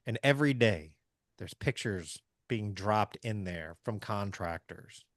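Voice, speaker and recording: Low-voiced guy, missouri farm boy hosting a biz chat, lively and folksy, dry close mic. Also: a little slow, no room sound. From Southeast Missouri. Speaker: podcast host. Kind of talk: casual business chat.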